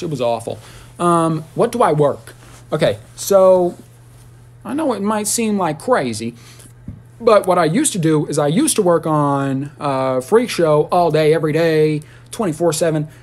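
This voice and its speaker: A man ranting on a casual livestream, rambling and profane, with sudden high squeals and shouts.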